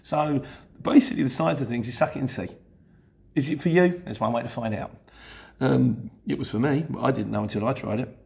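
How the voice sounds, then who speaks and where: Chatty van driver, gravelly voice. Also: male voice, medium pitch, a little fast, a little mellow. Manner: chatty, rambling, frank, many restarts. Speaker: van driver answering viewer questions. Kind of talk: casual Q&A chat.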